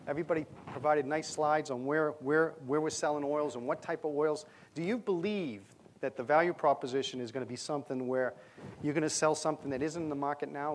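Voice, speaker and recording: A man's voice: fairly high pitch, slight background noise. A man giving a conference presentation on stage, talking conversationally with plenty of fillers and a light touch of humor. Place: stage under bright lights.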